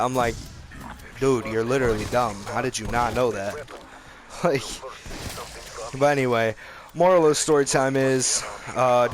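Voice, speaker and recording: A man's voice: medium pitch, steady tone, unhurried. A young man vlogging, telling a rambling, profane story in casual slang.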